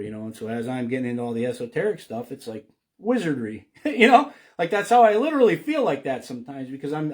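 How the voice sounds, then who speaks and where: A man of middle pitch talks through his beliefs in a winding, unscripted monologue. He circles back on himself, peppering his lines with "you know" and "right?". His delivery swings from quiet musing to forceful emphasis. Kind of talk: rambling spiritual monologue.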